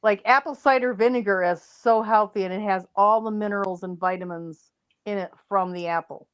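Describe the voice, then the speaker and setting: A woman's voice: mid-range voice, steady tone, normal speed, clean tone, dull audio. Matter-of-fact woman on a chat panel.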